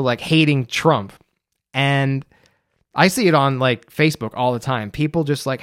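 A young US man, alone on his podcast, rambles casually and leans on lots of fillers. His voice is slightly high, a little slow, and smooth. It's recorded in studio quality with no echo.

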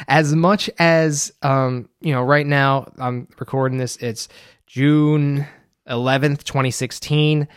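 Speaking slowly with lively intonation, a young American man rambles through a casual solo podcast monologue full of fillers. His slightly high voice is smooth. The recording is dry and studio-grade.

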